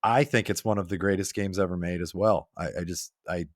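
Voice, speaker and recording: A man's voice: sits low, brisk, no echo, studio quality. A man guesting on a podcast, chatting casually and acting out quoted lines as he tells stories. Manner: animated storyteller who acts out quotes.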